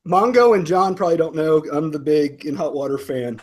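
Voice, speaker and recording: High husky guy on a podcast, voice jumps all over, swears, laughs a lot. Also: lively intonation, brisk, a little mellow. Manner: profane, laughs easily. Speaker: podcast co-host. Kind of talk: crude casual banter.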